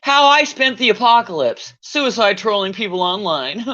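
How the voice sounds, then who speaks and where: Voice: mid-range voice, very animated, measured pace, pauses often, sharp tone. A speaker in a played clip, talking sarcastically and laughing between lines. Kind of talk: mocking monologue clip. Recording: dull lo-fi playback.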